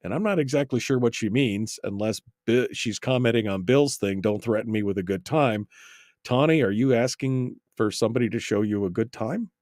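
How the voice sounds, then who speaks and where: Brief: man hosting a talk show, animated and chatty, mid-range voice, dry close mic. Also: mid-range voice, normal speed, no room sound. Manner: animated, laughs often, exasperated asides. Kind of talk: casual radio talk.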